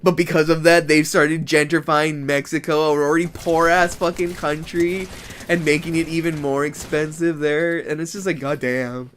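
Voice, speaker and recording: Man from the States, somewhat high voice, rambling profane vlog rant, constant "like" fillers. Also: level tone, moderate pace, fairly bright tone, slight background noise. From United States. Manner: rambling and profane, heavy use of "like". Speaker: vlogger. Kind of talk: casual rant.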